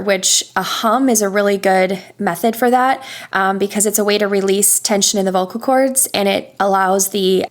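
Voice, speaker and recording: A woman voice coach in a podcast interview, patiently explaining vocal warm-up exercises and demonstrating hums and sighs. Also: medium pitch.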